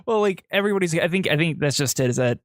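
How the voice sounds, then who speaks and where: A man co-hosting a podcast who tells stories in a casual, rambling way, full of fillers and restarts and excitable at the dangerous parts. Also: a little high, very fast, no echo, clean studio sound. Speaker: podcast co-host. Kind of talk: casual chat, storytelling.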